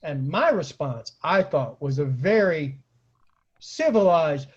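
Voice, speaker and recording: A man telling a personal anecdote slowly and deliberately, with wry understatement. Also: on the high side, lively intonation, slightly rough, muffled recording. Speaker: storyteller.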